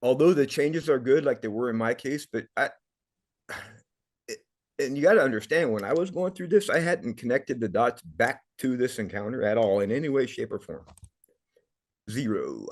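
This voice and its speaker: A man's voice: mid-range voice, expressive, moderate pace. A middle-aged man, a podcast guest, telling a personal story in an earnest, emotional way, often repeating words.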